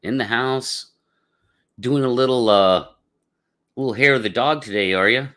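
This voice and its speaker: A man's voice: mid-range voice, moderate pace, a bit bright. A man hosting a casual live podcast, chatting with viewers in a rambling, laid-back way with lots of fillers. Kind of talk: casual livestream chat.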